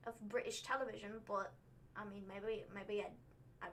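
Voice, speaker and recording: A woman's voice: medium pitch, steady tone, normal speed, fairly bright tone, slight background noise. An American woman co-hosting a wrestling livestream, chatting casually in a rambling, hesitant, self-deprecating way.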